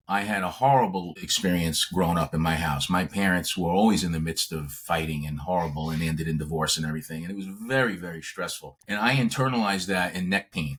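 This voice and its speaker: Husky-voiced New man telling stories. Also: sits low. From Brooklyn, New York. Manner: animated, emphatic, repeats words for stress. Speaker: chiropractor guest. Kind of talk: conversational storytelling interview.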